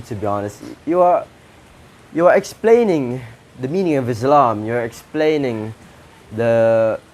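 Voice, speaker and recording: A man with an Indonesian accent talks through his verdicts on a poetry contest. He speaks slowly, in short halting phrases with pauses and restarts. A faint hum sits under his voice. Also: mid-range voice, a little mellow. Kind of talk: spoken feedback to contestants.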